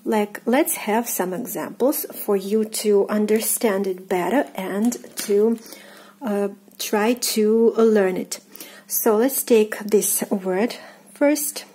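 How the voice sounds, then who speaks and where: A native Russian woman teaches a pronunciation lesson in Russian-accented speech, patiently repeating every word several times and often hesitating with fillers. Her medium-pitched voice is mellow and slightly rough, and she speaks at a slow pace.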